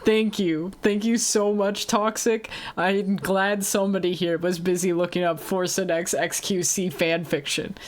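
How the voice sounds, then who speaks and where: A woman's voice: fairly low pitch, fairly even intonation, a little slow, hardly any pauses. A woman streamer chatting casually over a visual novel, reading its text aloud and swearing and laughing between lines. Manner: profane, giggly, reads game text aloud with asides.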